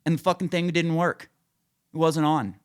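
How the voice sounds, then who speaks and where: Profane, animated man telling a story. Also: normal speed, smooth. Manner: acts out quoted voices, pitching up. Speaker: podcast co-host. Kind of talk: casual podcast chat.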